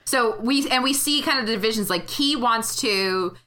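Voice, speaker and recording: A woman's voice: fairly high pitch, normal speed, sharp tone. A woman co-hosting a podcast, retelling a film's scenes in casual chat and acting out the characters' lines. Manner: retells scenes with acted-out quotes, frequent "like". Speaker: podcast co-host. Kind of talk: casual film recap chat.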